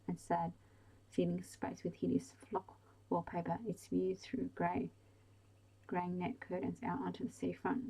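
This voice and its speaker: A woman reads a bedtime story in a soft, unhurried voice that dips into whispers now and then. Her tone sits low and gravelly with a breathy, husky edge. The delivery stays even and mellow throughout. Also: low-quality recording. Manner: calm, slow reading, slipping into whispers.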